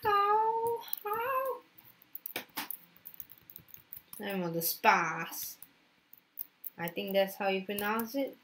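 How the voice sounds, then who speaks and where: A woman's voice: mid-range voice, takes it slowly, long pauses, a bit bright, a little hiss or hum. A woman gamer chatting casually during a match, frustrated, sighing and teasing her friend. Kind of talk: casual gaming chat.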